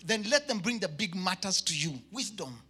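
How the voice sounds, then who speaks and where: A man with a Kenyan accent preaching a sermon to his church, emphatic, with shouted peaks and comic asides. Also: sits high, very animated, normal speed, slightly rough. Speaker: pastor.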